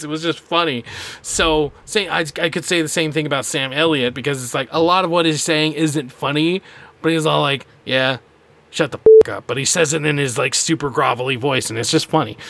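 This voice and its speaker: A man's voice: fairly high pitch, sharp tone. Rambling, laughing podcast co-host, a man. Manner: laid-back, rambling, laughs often. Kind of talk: casual chat.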